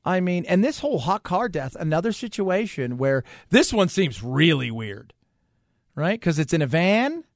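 High-voiced, joking male radio host. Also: moderate pace, dry recording, clean studio sound. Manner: animated, joking, restarts sentences. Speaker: radio talk show host. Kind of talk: casual talk radio commentary. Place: radio studio. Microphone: studio microphone.

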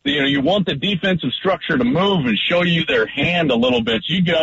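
A man, a former quarterback, talking football on a radio show and acting out his line calls with big jumps in pitch. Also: brisk, few pauses, lo-fi sound, a little hiss or hum. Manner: lively, acts out line calls loudly. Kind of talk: animated sports talk.

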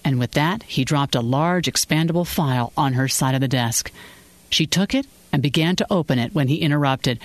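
An audiobook narrator reading a story in a measured storytelling way, close to the mic. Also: mid-range voice, no echo. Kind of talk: scripted narration.

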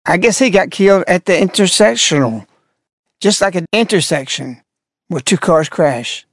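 A man's voice: high-pitched, animated, normal speed, dry recording, clean studio sound. An older man, a religious broadcaster, commenting sarcastically and mockingly on clips he plays.

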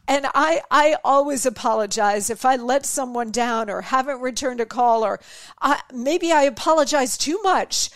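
A woman with a high voice hosts her own podcast, delivering an exasperated opinion rant and mimicking other people in mocking voices. The audio is studio quality with no room sound.

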